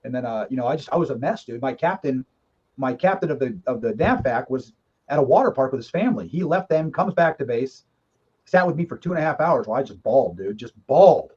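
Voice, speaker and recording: A man's voice: medium pitch, animated, a little fast, darkish tone, slightly rough. A middle-aged man, a guest in a casual conversation, telling his story candidly and emphatically, with some swearing. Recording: dull lo-fi recording.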